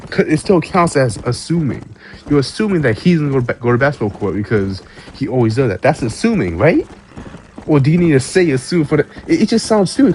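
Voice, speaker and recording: A man's voice: mid-range voice, a little mellow, a little hiss or hum. A man ranting casually to camera, stammering and swearing, often breaking into laughs. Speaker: vlogger. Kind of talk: casual rant.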